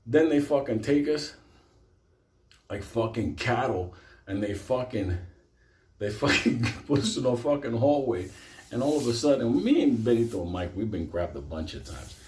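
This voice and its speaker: A man telling a comic story, profane and animated, often laughing. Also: medium pitch, moderate pace, reverberant.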